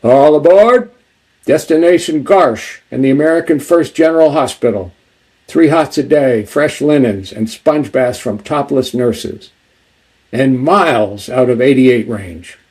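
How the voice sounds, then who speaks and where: A man's voice: mid-range voice, expressive, moderate pace, mellow, breathy edge. A man reading aloud as a brash young male entertainer who jokes with wounded soldiers in a breezy showman way. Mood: rousing. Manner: breezy wisecracking showman calls.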